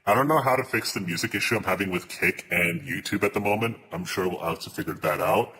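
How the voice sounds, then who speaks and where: A man's voice: low voice, fast talker, bright, forceful tone, a little hiss or hum. A man chatting casually on a live stream, ranting in exasperation and swearing as he reads his chat aloud.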